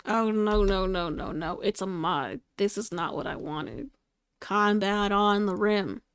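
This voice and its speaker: A woman's voice: mid-range voice, unhurried, clear, resonant tone, no echo. A woman streaming a game and chatting casually, rambling and amused with herself. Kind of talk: casual gaming stream chat.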